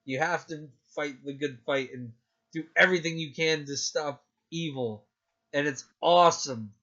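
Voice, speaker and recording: A young man co-hosting a casual podcast chat, rambling and excitable with lots of fillers. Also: on the high side, a little slow. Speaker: podcast co-host. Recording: dull lo-fi sound.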